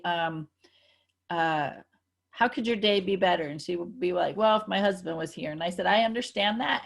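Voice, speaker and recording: Woman cohost, a bit gravelly, chatty and emphatic, keeps quoting herself. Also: medium pitch. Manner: emphatic, storytelling, quotes herself often. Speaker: co-host. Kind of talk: casual spiritual chat.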